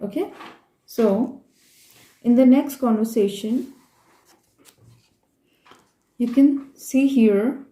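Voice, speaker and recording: A woman's voice: fairly high pitch, very slow, long pauses, dark tone. A woman with an Indian English accent teaching beginner German from a textbook, patiently repeating and spelling out words. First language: Hindi. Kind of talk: textbook lesson explanation. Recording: echoey room.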